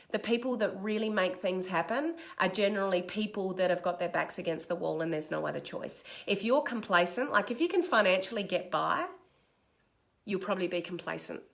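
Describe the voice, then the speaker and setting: A middle-aged woman with an Australian accent, giving a direct, energetic motivational talk as a coach on a live stream and reading out viewer comments as she goes. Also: medium pitch, gravelly. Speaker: online business coach.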